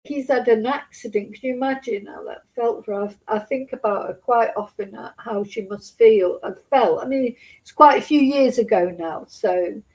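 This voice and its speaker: Middle-aged woman on her vlog, fairly high voice, choked up, keeps restarting and going off on asides. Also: darkish tone, low-quality recording. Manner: halting, full of restarts and asides. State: close to tears. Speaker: Spanish teacher and channel host. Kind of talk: rambling personal storytelling to camera.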